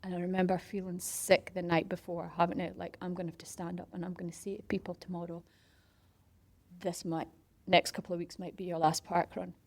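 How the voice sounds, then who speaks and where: A middle-aged woman being interviewed, telling a story in a lively, casual way, acting out what other people said and dropping into whispers. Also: on the low side, fairly quick, dry recording. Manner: animated, acts out quoted voices and whispers for effect. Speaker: interview guest, parkrun organiser.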